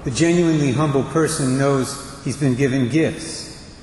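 A priest preaches a homily in a measured, deliberate way, leaving pauses between his phrases. His voice rings through a church with a long reverb, and a faint background hiss sits underneath. He is speaking into a pulpit microphone. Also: medium pitch, a little mellow.

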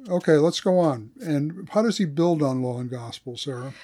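Guy theologian chatting on a podcast, kinda high voice, slows way down for quotes. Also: lively intonation, warm tone. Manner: thoughtful, reads quotes slowly. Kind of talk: academic podcast discussion.

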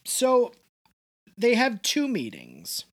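A man co-hosting a podcast, chatting casually and jokily about a TV episode. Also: extremely high pitch. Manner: animated, jokey, quick asides. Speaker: podcast co-host. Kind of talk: casual recap chat.

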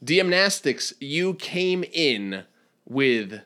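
A man's voice: mid-range voice, expressive, a little slow, fairly bright tone. A man hosting a fantasy monster trivia game, announcing questions and rulings in a playful way. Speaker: quiz host. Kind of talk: game show quiz hosting.

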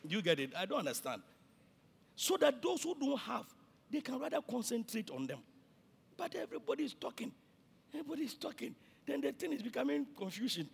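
A male pastor with a Ghanaian accent, preaching a sermon that swings between shouting and quiet, and he repeats himself often. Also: very high-pitched, very animated, fairly quick, vocal fry, slightly rough.

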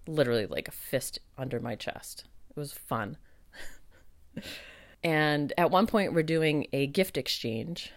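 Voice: mid-range voice, a little slow, no room sound. Chatty medium telling a retreat story. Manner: chatty, many fillers, acts out own past thoughts. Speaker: podcast host and psychic medium. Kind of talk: casual monologue.

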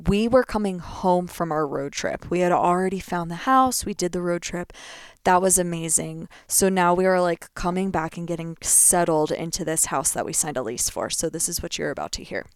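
A woman's voice: fairly low pitch, moderate pace, clear, resonant tone, no room sound, clean studio sound. A young American woman hosting a casual solo podcast, talking in a gushing, effusive way and repeating words for emphasis. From United States. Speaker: podcast host. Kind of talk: casual solo podcast, reading her old journal aloud.

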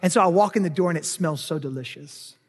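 A male pastor preaching a sermon, telling a personal story with lively, animated delivery that turns heated and loud in places. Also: a little high, fast, in a large hall.

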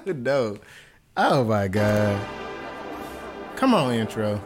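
A young man hosting a casual reaction video, talking in an animated, dramatic way and laughing often. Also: mid-range voice, takes it slowly. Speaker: band reaction host. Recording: music playing loudly behind. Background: marching band music.

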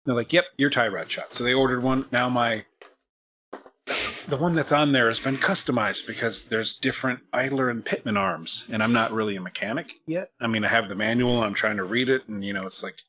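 A man's voice: medium pitch, brisk, bright, forceful tone. A man from the United States hosting a podcast, telling a long, self-mocking story in a casual way with many restarts. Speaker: podcast host.

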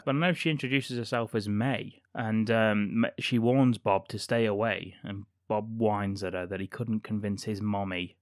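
A man's voice: on the low side, fairly even intonation, normal speed, few pauses, no room sound. A man co-hosting a podcast, casually recounting a film's plot with dry, sweary asides. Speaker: podcast co-host. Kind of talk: casual film recap chat.

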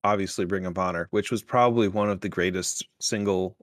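A man telling a lively, swearing story in a casual podcast chat. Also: low voice, fairly quick, no room sound, studio quality.

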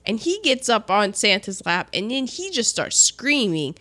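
Middle-aged woman, casual co-host, bright and animated, acts out scenes. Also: mid-range voice, moderate pace. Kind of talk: casual chat recapping a film.

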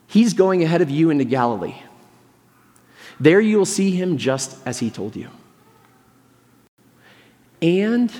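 A man's voice: on the high side, big pitch swings, measured pace, pauses often, warm tone. A man preaching a sermon as pastor, telling a story earnestly and imagining what people thought and said. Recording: long reverb of a large hall.

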